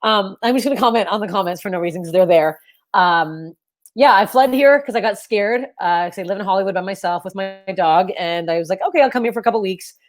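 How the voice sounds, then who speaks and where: Rambling self-deprecating woman comic in her thirties. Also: fairly quick. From Canada. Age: 30s. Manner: rambling, self-deprecating, swings into loud squeaky outbursts. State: sniffly, stuffed nose. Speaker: stand-up comedian. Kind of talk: stand-up comedy on a video call. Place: her parents' house, indoors. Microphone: webcam on a video call.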